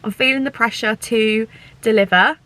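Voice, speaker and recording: A young woman chatting casually and excitably to camera in a vlog, with lots of fillers and self-corrections. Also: on the high side, normal speed, no echo, poor audio. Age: young adult. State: sore throat. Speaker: vlogger and small business owner.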